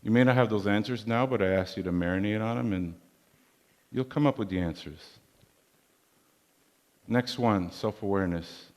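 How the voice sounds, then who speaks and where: Man giving a leadership keynote, slow preachy delivery, lowish voice, echoing big hall. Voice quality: measured, preacherly, uses proverbs. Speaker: keynote speaker. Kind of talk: motivational leadership talk. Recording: long hall reverb.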